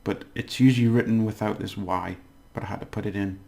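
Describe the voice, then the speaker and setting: A man giving a casual language lesson, explaining slowly and repeating words, with many fillers. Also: fairly low pitch, steady tone, vocal fry, darkish tone. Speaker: language teacher.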